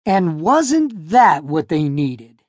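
A man reads a novel aloud in scripted narration, his voice moving lively up and down as he tells the story. The sound is dry and close, like a studio booth. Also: fairly high pitch, drawn-out words, no room sound. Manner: expressive storytelling. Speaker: audiobook narrator. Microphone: close studio mic.

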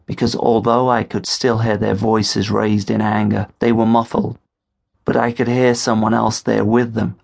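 A man narrating an audiobook in the first person, telling the story in a measured way. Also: fairly low pitch, vocal fry.

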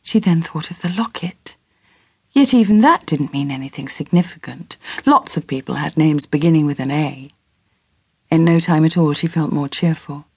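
Breathy, low-voiced woman narrating a novel. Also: darkish tone, no echo, clean studio sound. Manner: measured storytelling. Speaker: audiobook narrator. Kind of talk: scripted narration.

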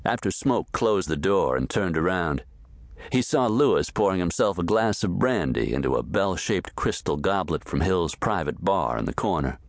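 A man reading a western novel aloud as audiobook narrator, steady and measured, close to the mic. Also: low-pitched, no room sound.

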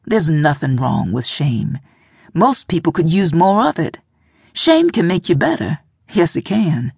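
A woman's voice: low voice, very animated, measured pace, gravelly, a little mellow, breathy edge, no room sound, clean studio sound, exaggerated voice. A woman voicing a middle-aged mother who urges and coaxes in a firm, insistent way. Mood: urging.

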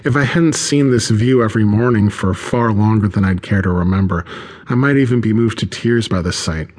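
A man narrating an audiobook in the first person, with a steady, wry delivery. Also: fairly low pitch, a little fast.

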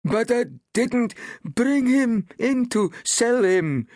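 A man voicing a distraught male village farmer who pleads in a high, wailing voice. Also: animated, a little slow, dry recording, clean studio sound, exaggerated voice. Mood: pleading.

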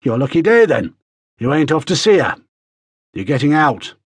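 A gruff, grey-haired jail guard , as a male narrator puts him on, speaks curtly in a slightly raised, husky voice. The recording is dry and close-miked. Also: a little high, big pitch swings, normal speed, no room sound, voice pushed up.

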